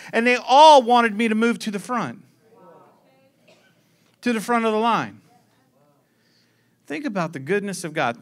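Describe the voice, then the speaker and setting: A man preaches to his congregation in a high, bright voice. He tells his story with energy and keeps turning to the room with quick questions. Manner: animated storytelling, calls to the congregation. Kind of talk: sermon.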